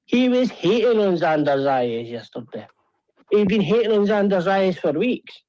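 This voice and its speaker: Man, high voice, teasing, mocking, persistent, dry close sound. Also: expressive, a little slow, a little mellow, no echo, rough recording. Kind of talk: casual chat and argument.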